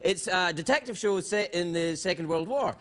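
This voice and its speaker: A man's voice: high-pitched, normal speed. A man hosting a late-night talk show, joking and bantering with a sidekick in front of a live audience. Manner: joking, playful, mimics accents. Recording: live studio audience, loud laughter and noise.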